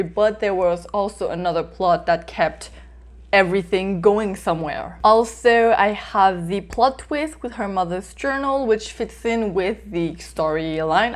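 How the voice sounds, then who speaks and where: A woman's voice: medium pitch, a little slow. A woman from North America hosting her own book review vlog, talking in a chatty, hesitant way with frequent small laughs. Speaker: book reviewer, channel host.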